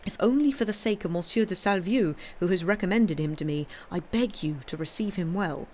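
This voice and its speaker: A woman's voice: on the low side, fairly quick, darkish tone, a little hiss or hum, lightly acted. A woman reading aloud, voicing an eager, loyal older duke at court. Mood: pleading. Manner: earnest, pleading.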